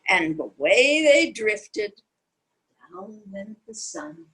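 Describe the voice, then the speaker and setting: A woman's voice: mid-range voice, sing-song, drawn-out words, fairly bright tone, low-quality recording. An older woman reading a picture book aloud to young children, sing-song and asking them questions along the way. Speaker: children's storyteller.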